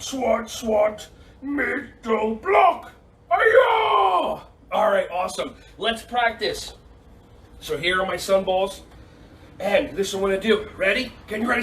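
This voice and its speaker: A man leading a kids' yoga and karate class, cheerful and encouraging, repeating his praise and sometimes bursting into shouts. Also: high-pitched, far from the mic, a little hiss or hum. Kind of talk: upbeat kids' class instruction. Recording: echoey room, voice off-mic.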